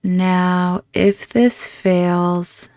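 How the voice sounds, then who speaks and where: A woman's voice: fairly low pitch, steady tone, very slow, a little mellow, dry recording, soft background music. A woman hosting a let's-play, chatting through the game and reacting emotionally to what happens on screen. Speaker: gaming channel host.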